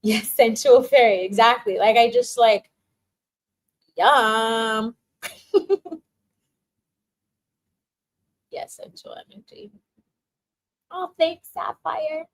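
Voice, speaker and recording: A young adult woman hosting a casual spiritual livestream, reading out viewer comments and giving tarot readings with frequent laughter and warm affirmations. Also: fairly high pitch, big pitch swings, unhurried, low-quality recording. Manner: bubbly, laughs often, emotional and affirming.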